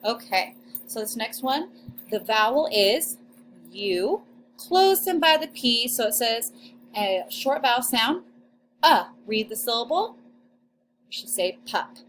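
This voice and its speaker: A young adult woman with a fairly high voice leads a recorded phonics lesson for second graders. She sounds out each vowel and syllable slowly, stretching the sounds for small children. A faint hiss of noise sits under her voice. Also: animated, a bit bright. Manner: slow, exaggerated sounding-out of syllables.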